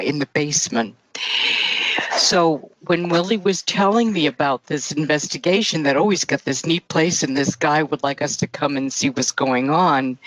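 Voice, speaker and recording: A woman author recounting a paranormal investigation in an interview, halting, with frequent fillers and restarts. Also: low voice, no room sound, rough recording.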